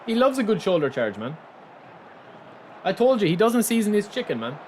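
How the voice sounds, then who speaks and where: A young male streamer talks over his match in a high, bouncing voice that swings up and down. He rambles and repeats himself, teasing viewers and laughing easily, with a faint hiss of noise underneath. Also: sing-song, normal speed. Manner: chatty, repetitive, ends phrases with "man". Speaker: game streamer. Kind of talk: live gameplay commentary.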